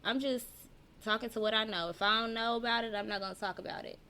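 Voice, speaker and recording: A woman's voice: on the high side, steady tone, fast talker, sharp tone, smooth. A woman who teaches, hosting a casual live-streamed podcast chat, talking to viewers, reading out their comments and laughing often. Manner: chatty, reads out viewer comments. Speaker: podcast host. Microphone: personal mic.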